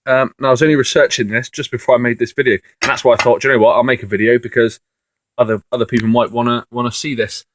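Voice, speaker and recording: A man's voice: mid-range voice, steady tone, fast, background noise. A man talks casually through his finds as a reseller vlogger, rambling along with lots of fillers and restarts. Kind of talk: casual video commentary.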